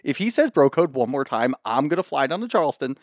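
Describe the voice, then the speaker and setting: A man's voice: medium pitch, sing-song, quick pace, no echo, studio quality. A man co-hosting a podcast, chatting casually about reality TV in a rambling, jokey way, with tangents and swearing. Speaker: podcast co-host. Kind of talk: casual chat recapping reality TV.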